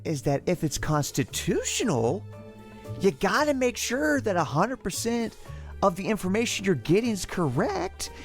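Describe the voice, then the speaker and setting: Podcast co-host, dry sarcasm, gravelly fry, lively pitch, faint music behind. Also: normal speed. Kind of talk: casual chat.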